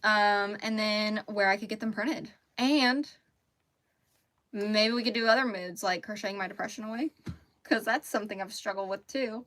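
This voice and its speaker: A woman's voice: medium pitch, moderate pace, a bit bright. A woman from Mississippi, hosting a casual crochet livestream and chatting with easy laughs and rambling asides. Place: home closet.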